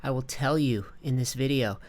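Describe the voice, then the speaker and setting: A man's voice: mid-range voice, normal speed, a little mellow. A man teaching music production in a loose, casual way, with crude slang and many fillers. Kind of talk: casual tutorial.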